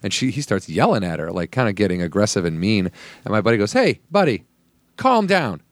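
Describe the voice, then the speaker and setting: A man's voice: sits low, fast, no echo. Man rambling through a laughing anecdote. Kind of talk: casual storytelling chat.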